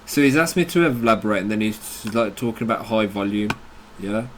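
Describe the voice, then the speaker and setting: A man's voice: on the low side, expressive, fairly quick, background noise. Blunt, combative British man. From United Kingdom. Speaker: crypto channel host. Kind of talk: ranting commentary on a chat.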